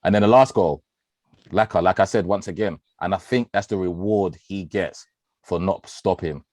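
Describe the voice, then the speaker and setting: A man talks football on a podcast in a low, deep voice. He is animated and slangy, swears casually and laughs a lot. His voice is recorded close and dry, with no room sound. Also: moderate pace, no echo. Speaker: podcast co-host, football fan.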